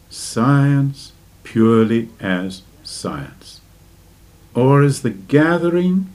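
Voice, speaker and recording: A man giving a slow, deliberate spiritual lecture and asking his listeners rhetorical questions. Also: mid-range voice, darkish tone. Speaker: religious teacher.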